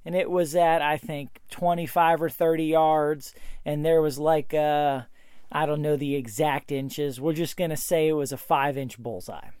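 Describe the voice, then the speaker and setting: A man's voice: fairly high pitch, steady tone, moderate pace, darkish tone, smooth, no echo, studio quality. A man telling a hunting story in a casual, matter-of-fact and emphatic way. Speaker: bowhunting advice speaker.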